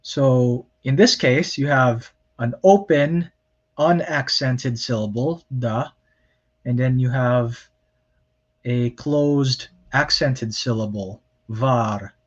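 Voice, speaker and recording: A man lectures on grammar at a slow, unhurried pace. He explains plainly and corrects himself often, with frequent ums. The recording sounds dull and lo-fi. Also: medium pitch. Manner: plain explanatory, many fillers and self-corrections. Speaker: Hebrew lecturer.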